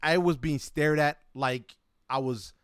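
An American man telling a story in a casual chat, animated and acting out what people said. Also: fairly high pitch, clean tone, no room sound, studio quality. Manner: animated, acts out quotes, fast with frequent "right?". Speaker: storyteller guest.

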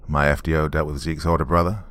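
A man with a very deep, low voice tells a true story from his days as a police officer. His delivery is dry and matter-of-fact, with wry dark humor. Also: flat delivery, fast. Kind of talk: storytelling narration.

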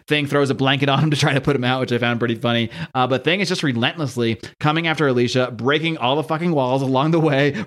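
A man hosting a podcast, recapping a comic in a rambling, casual way with swearing and laughing asides. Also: mid-range voice. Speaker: podcast host.

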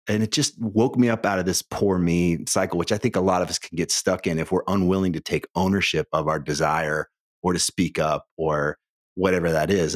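Deep-voiced man telling lively stories. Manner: animated storyteller, voice jumps high when excited. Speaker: podcast guest, author and coach. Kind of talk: casual interview chat.

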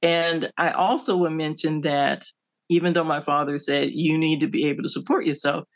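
A middle-aged woman from the Midwestern United States, an author answering interview questions in an animated storytelling way, laughing often. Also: low voice, normal speed. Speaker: author guest. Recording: dull lo-fi audio.

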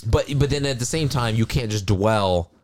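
A man in a relaxed podcast conversation, chatty and reflective. He talks things through aloud, leaning on fillers as he goes. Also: medium pitch, normal speed.

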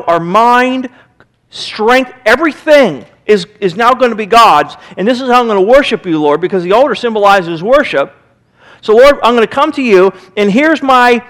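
In a church sanctuary, a Midwestern American pastor delivers a sermon in a high, bright register. He speaks to the congregation emphatically yet conversationally, slipping into small acted-out quotes.

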